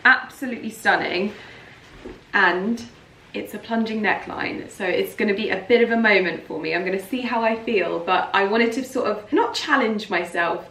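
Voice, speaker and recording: A woman's voice: medium pitch, fairly bright tone, recorded from a distance. Gushing English woman in an echoey room. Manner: gushing, chatty and emotional, with frequent laughs. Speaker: fashion vlogger. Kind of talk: casual try-on haul chat. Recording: roomy, off-mic sound with faint background noise.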